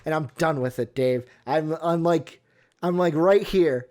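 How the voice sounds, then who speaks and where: Guy hosting a sports show, kinda high voice, rambles and gets fired up. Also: unhurried. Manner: heated, rambling, animated when worked up. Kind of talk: casual sports talk.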